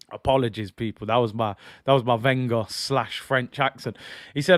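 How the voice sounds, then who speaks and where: A man's voice: medium pitch, normal speed, no echo, studio quality. A man hosting a football channel, giving casual fan commentary in a chatty, incredulous way and often apologizing.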